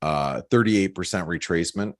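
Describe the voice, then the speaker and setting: Low-voiced man chatting over charts. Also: normal speed. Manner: loose and chatty, many fillers, laughs at his own jokes. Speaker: market analyst on a trading webinar. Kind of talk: casual chat walking through charts.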